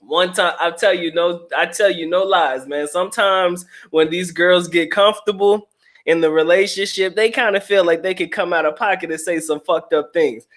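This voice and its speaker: Male host, middle-aged, somewhat high voice; casual, crude, slangy livestream chatter reading out comments. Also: moderate pace, fairly bright tone. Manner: profane, blunt, laughing, street slang.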